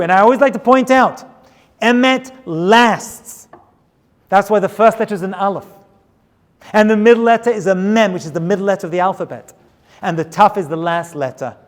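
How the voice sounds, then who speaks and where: A man teaching as a rabbi in an animated, rhetorical storytelling style that keeps checking in with his listeners. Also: high voice. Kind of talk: sermon-style lecture with storytelling. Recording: long hall reverb.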